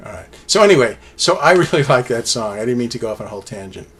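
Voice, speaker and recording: A man's voice: medium pitch, animated, rapid-fire, fairly bright tone, breathy edge. Brief: male fan-reviewer, chatty and meandering, speaks with plain enthusiasm. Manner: rambling, enthusiastic fan talk with many fillers. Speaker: music reviewer. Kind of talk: casual solo album review.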